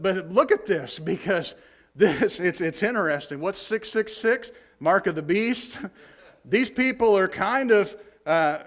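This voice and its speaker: High-voiced man preaching a lively sermon. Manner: conversational, animated storytelling with playful asides. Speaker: pastor.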